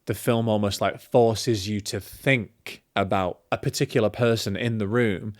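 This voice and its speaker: A man with a lowish voice hosts his own film review show. He talks in a loose, opinionated ramble full of fillers and restarts. The recording is close and dry, with almost no room sound. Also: steady tone, a little slow, dry recording. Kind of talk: casual film review talk.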